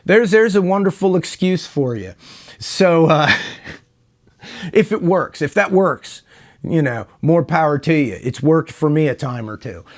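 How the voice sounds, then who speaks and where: Man, middle-aged, slightly high voice, casual rambling vlog talk, guitar channel host, laid-back. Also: lively intonation, measured pace. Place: home room with a wall of guitars.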